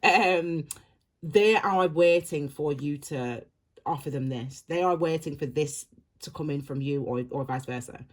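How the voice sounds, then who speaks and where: Speaking a little slowly at medium pitch, a tarot reader talks directly to the viewer. The reading wanders, circles back and repeats itself, yet stays casual and comforting the whole way.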